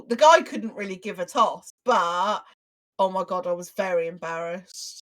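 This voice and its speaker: A young woman on a casual podcast chat, telling animated anecdotes and acting out the other voices in them. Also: mid-range voice, normal speed. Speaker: podcast co-host.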